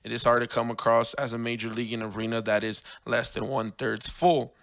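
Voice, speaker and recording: Man, hoarse voice, solo podcast host, casual rambling chat, self-correcting, mid pitch. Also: level tone, fast talker, a bit bright. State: hoarse, lost his voice.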